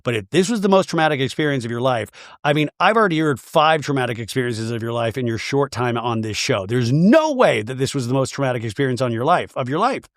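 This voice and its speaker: A man hosting a podcast, giving a sarcastic, animated comedic recap of a reality show with jokey asides. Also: mid-range voice, fast talker, hardly any pauses, no room sound, clean studio sound. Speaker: podcast host.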